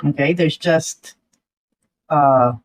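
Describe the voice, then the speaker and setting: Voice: mid-range voice, drawn-out words, no echo, poor audio. A vlogger giving casual commentary, chatty and skeptical, with frequent ums and uhs.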